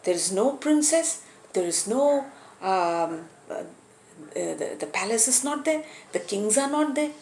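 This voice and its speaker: A woman telling a story and explaining its lesson, animated and a little hesitant. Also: on the high side, unhurried, echoey room, a little hiss or hum. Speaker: storyteller and teacher.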